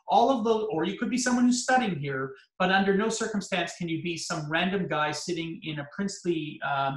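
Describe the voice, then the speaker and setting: A man's voice: sits high, fairly bright tone. Man lecturing in an echoey room. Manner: explanatory, asks and answers his own questions. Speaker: lawyer teaching real estate agents.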